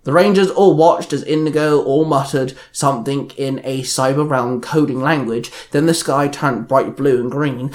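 A young man reading his own superhero fan story aloud, telling it plainly with small slips and raising his voice for the characters' lines. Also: a little high. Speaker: fan fiction reader.

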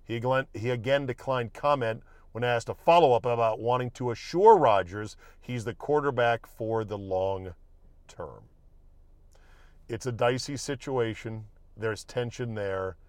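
A man's voice: medium pitch, no echo. A man hosting a solo sports podcast, talking casually with wry jokes and an offhand manner. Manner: wry, joking, offhand, with swearing. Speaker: podcast host.

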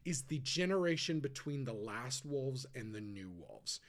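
A man co-hosting a podcast, chatting casually with lots of fillers and quick asides. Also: mid-range voice, very animated. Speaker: podcast co-host. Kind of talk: casual chat.

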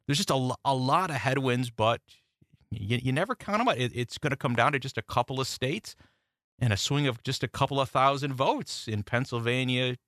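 A man giving measured political commentary as a guest on talk radio, adding knowing asides. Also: mid-range voice, fairly bright tone, no room sound, clean studio sound.

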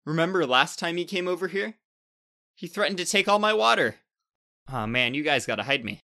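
A man's voice: on the high side, lively intonation, fairly quick, bright, forceful tone, pitched above the performer's own voice. A man voicing the planet Mars as a whiny, easily scared grumbler in a storybook reading. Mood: grumbling. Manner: muttering, whiny.

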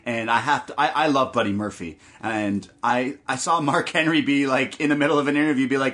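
A young man hosts a podcast in relaxed, jokey talk, swearing now and then and restarting sentences as he recaps a wrestling show. His voice sits at an ordinary pitch. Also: fairly quick, few pauses. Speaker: podcast host.

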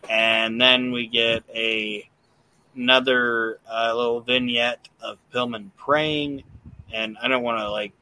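In casual podcast chat about wrestling shows, a man rambles profanely through a recap full of fillers. His medium-pitched voice stays fairly even, bright, and forceful as he takes it slowly.

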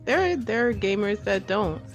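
A woman's voice: medium pitch, big pitch swings, normal speed, soft background music. A woman in casual chat, asking questions in a chatty way with many fillers. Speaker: interviewer.

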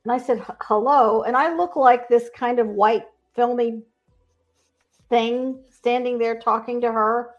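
A woman guest describing her work helping ghosts, speaking as a confident, animated storyteller. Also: fairly high pitch, unhurried, soft background music. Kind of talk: earnest spiritual storytelling. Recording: dull lo-fi sound.

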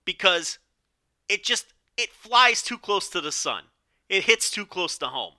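A man hosting a solo podcast, talking in a bright, forceful voice that sits a little high for a man. He rambles through his opinions, tossing in "okay?" and restarting sentences. His voice is strained and hoarse. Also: sing-song, unhurried. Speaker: podcast host.

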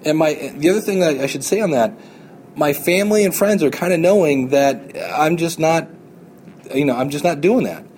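A man's voice: a little high, normal speed, a little mellow, slight background noise. A man hosting a podcast, talking earnestly and encouragingly in a motivational monologue, often repeating his points. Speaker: podcast host.

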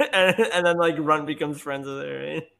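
A man's voice: a little high, steady tone, moderate pace, gravelly, sharp tone. A man co-hosting a casual podcast about a film, laughing often and chiming in with short agreeing replies. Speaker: podcast co-host. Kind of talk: casual movie discussion.

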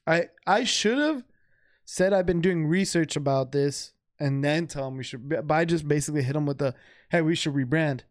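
A young man chatting on a podcast, his voice sitting a bit higher than most men's. He talks loosely and profanely, stacking up "like" and restarts. The sound is dry and close, with no room around it. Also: normal speed, no echo. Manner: loose, profane, filler-heavy. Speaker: podcast co-host. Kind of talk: casual chat. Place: home.

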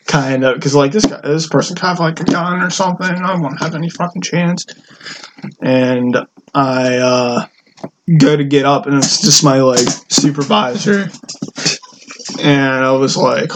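Young man, excitable, lots of fillers, faint background noise. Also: mid-range voice, poor audio. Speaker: podcast co-host. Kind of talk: casual chat, storytelling.

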